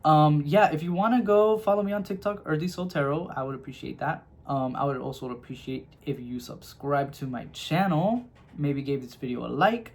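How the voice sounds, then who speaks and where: Fairly high-pitched and speaking at normal speed over slight background noise, a man delivers a chatty, reassuring tarot reading to camera. He affectionately calls listeners "my loves" and regularly checks in with "okay?"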